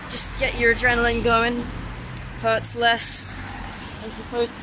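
Upbeat young man vlogging outdoors. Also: high voice. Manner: upbeat, rambling, filler-heavy. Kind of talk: casual vlog chat. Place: outdoors by a seafront at night. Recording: noisy outdoor phone recording with passing traffic.

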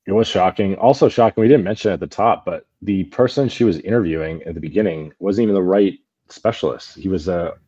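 A man with a deep, mellow voice chats casually, hedging his opinions as he goes. The sound is dry but a touch dull, like a modest lo-fi mic. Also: fast, few pauses, husky, no echo. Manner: conversational, hedging opinions with "kinda" and "like". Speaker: podcast co-host. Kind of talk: casual chat.

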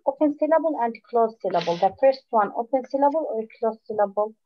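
A woman's voice: fairly high pitch, expressive. Patient woman teacher on a call. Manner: patient, lavish praise, repeats words slowly. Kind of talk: online phonics lesson. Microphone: video call. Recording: dull lo-fi online call audio.

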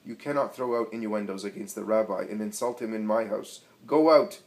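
A man's voice: mid-range voice, lively intonation, quick pace, voice pushed up, close to an everyday voice, poor audio. A man voicing Chusa, a proud male courtier, in a storybook reading, speaking in an urgent, commanding way. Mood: angry.

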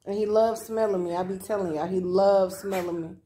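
A woman's voice: mid-range voice, fairly even intonation, fairly quick, dark tone, a little hiss or hum. A tired woman vlogging at home on her phone camera, chatting casually and teasing her dog with playful exclamations. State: tired after work. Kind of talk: casual vlog chat at home. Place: home, indoors.

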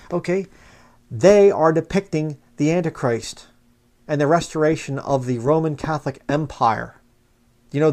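A man's voice: on the high side, mellow. A man talking passionately in a fired-up preaching manner, reading quotes aloud from books and mocking opposing views. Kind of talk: fiery religious commentary video.

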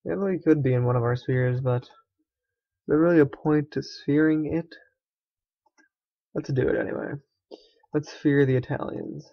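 A man's voice: a little high, fairly even intonation, normal speed, vocal fry, pauses often, no echo, dull audio. A young man giving casual, sarcastic commentary while playing a strategy game, often swearing and muttering to himself. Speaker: gaming let's player.

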